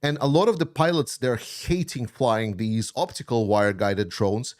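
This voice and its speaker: A man's voice: medium pitch, normal speed, darkish tone. A man hosting a commentary channel, answering viewer questions in an unscripted stream. He talks bluntly and heatedly, swears often and has slightly non-native grammar.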